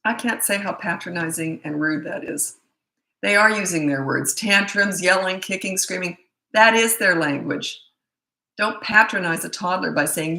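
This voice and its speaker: A woman's voice: on the low side, moderate pace, vocal fry, bright, forceful tone, roomy sound, poor audio. A middle-aged woman parenting coach answering questions in a blunt, opinionated, casual way. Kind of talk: casual Q&A talk to camera.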